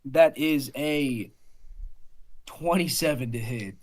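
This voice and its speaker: A man's voice: medium pitch, takes it slowly, poor audio. A man running a tabletop game as dungeon master, narrating monster attacks in a casual, joking way with some swearing.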